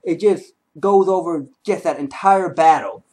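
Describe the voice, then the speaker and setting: A man excitedly retelling a comic book story in a casual review, with frequent restarts and asides. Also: fairly high pitch, measured pace, low-quality recording. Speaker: comic book video host.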